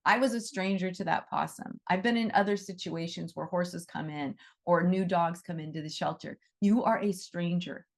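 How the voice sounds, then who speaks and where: With a medium-pitched voice, a middle-aged woman lectures students on animal reiki, animated and effusive, often saying the same phrases again.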